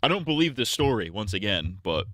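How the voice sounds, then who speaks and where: A man's voice: mid-range voice, a bit bright, no room sound. A man streaming and reacting to a video with skeptical, sarcastic commentary on a close mic.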